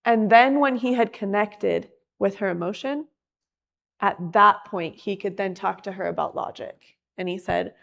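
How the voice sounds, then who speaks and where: A woman teaching a class in a casual, chatty way, acting out quotes with lively emphasis. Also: mid-range voice, unhurried, gravelly. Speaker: class instructor.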